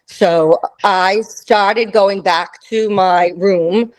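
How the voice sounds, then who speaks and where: A woman in her fifties, a guest, telling a travel story in casual chat, animated and laughing, acting out the voices of people in it. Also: mid-range voice, extremely slow, low-quality recording. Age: 50s.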